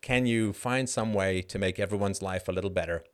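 Middle-aged guy hosting a live chat show, kinda low voice, lively and chatty, keeps going "right?". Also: a little fast, smooth. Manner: animated, frequent rhetorical "right?", laughs mid-sentence. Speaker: host. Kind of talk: live show monologue answering chat questions.

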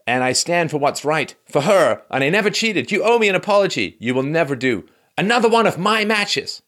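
A man putting on a high, raised voice for a furious, indignant woman athlete who repeats her demands for an apology. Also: brisk, natural voice. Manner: shrill insistent repetition.

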